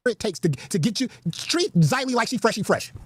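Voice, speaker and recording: A man in a played stream clip, ranting in an animated, profane way. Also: very high-pitched, fairly quick, slightly rough, no echo. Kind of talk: animated rant.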